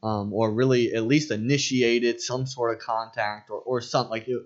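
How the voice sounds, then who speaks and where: A man's voice: medium pitch, steady tone, moderate pace, highs cut off. A man co-hosting a casual Bible study podcast, rambling with fillers and restarts. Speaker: podcast co-host.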